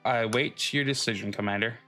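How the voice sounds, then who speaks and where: A man reading the lines of a calm, scheming male army strategist from a video game aloud, with stumbles and restarts. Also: mid-range voice, brisk, soft background music, natural voice. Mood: measured.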